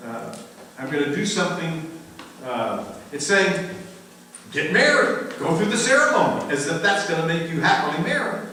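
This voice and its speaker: An older American man teaching a church Q&A, lively and emphatic, laughing often and repeating words for emphasis. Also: on the high side, moderate pace, a little hiss or hum. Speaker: pastor teaching a Q&A. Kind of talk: conversational Bible teaching. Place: church sanctuary. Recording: very echoey room, mic far off.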